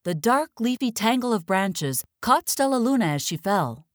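A woman narrating a children's storybook in an expressive read-aloud style, slowing down for the dramatic moments. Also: a little high, no echo, clean studio sound.

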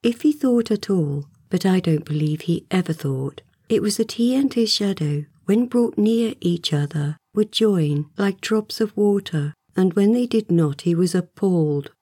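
A woman narrating a storybook aloud in a gentle, expressive way, sometimes dropping to a soft whisper. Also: lowish voice, measured pace, hardly any pauses, husky, no echo, clean studio sound. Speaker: audiobook narrator.

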